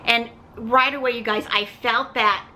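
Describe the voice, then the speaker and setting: A woman's voice: a little high, fairly even intonation, moderate pace, pushed and bright, slight background noise. A middle-aged woman hosting a vlog, telling a personal story in a chatty way and often turning to her viewers. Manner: chatty, keeps saying "you guys". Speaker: vlog host.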